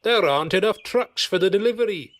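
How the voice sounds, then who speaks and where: A man's voice: sits high, lively intonation, fairly quick, pitched above the performer's own voice. A man voicing a harried male yard manager who speaks urgently.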